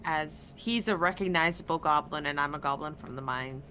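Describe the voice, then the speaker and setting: A woman's voice: sits low, a little fast, sharp tone, slight background noise. A woman casually playing a tabletop game, eager and upbeat. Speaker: player.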